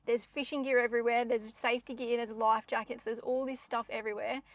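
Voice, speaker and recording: A young woman tells a story in a casual podcast chat. Her voice sits a little high, and her telling is lively and dramatic. The sound is close and dry. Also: brisk, no echo. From Australia. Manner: animated, dramatic retelling with laughs. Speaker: podcast co-host.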